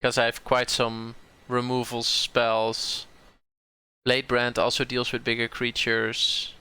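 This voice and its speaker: A man's voice: medium pitch, completely flat delivery, takes it slowly, pushed and bright, smooth. A man from the southern Netherlands with a Dutch accent, thinking aloud as he plays and streams a card game, often repeating words as he corrects himself.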